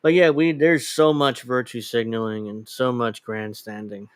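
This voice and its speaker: A man's voice: medium pitch, fairly even intonation, normal speed, no room sound. A man hosting a casual political commentary show, talking bluntly and dismissively and swearing freely. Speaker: host.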